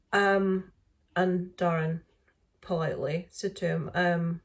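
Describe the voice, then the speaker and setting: A woman's voice: on the low side, fairly even intonation, slow. Woman vlogger telling an indignant story. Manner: indignant retelling, lots of fillers and restarts. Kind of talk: casual storytelling to camera.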